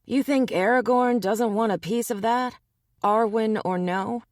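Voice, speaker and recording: A woman's voice: a little high, a little slow, a little mellow, dry recording, studio quality, pitched above the performer's own voice, close to an everyday voice. A woman narrator voicing a playful, teasing young male werebear in an audiobook. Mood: cheeky. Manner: teasing, cheeky.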